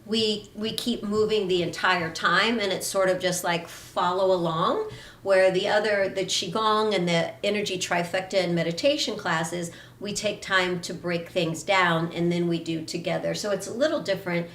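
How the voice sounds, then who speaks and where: A woman fitness instructor introducing a live online class in a warm, chatty way. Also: lowish voice, fairly even intonation, normal speed, echoey room.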